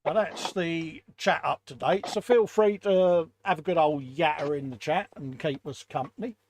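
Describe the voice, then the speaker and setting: A man's voice: a little high, normal speed, a little mellow, slight background noise. A British man hosting a casual live stream, greeting viewers one by one in a chatty, matey way. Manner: chatty, greets viewers, calls everyone mate. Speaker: host.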